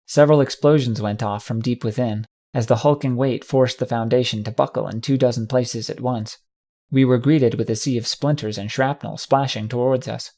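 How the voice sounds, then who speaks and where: A man reading a first-person fan fiction audiobook with steady, dramatic storytelling. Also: mid-range voice. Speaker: audiobook narrator.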